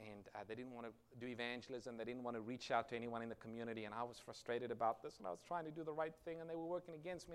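A middle-aged man preaching a sermon, reading scripture with rising force and telling a personal story. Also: medium pitch. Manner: earnest storytelling preacher, rises loud on quoted scripture. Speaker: pastor.

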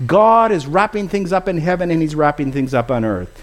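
A man's voice: a little high, a little fast. A man preaching a sermon and leading a closing prayer, earnest and pleading, often calling his listeners friends.

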